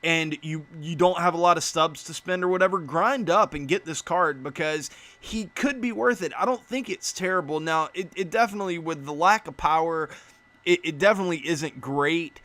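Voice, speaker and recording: A young man giving casual gaming commentary as a YouTuber, blunt and profane, quick to break into a rant. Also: on the high side, pushed and bright. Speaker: gaming YouTuber reviewing player cards.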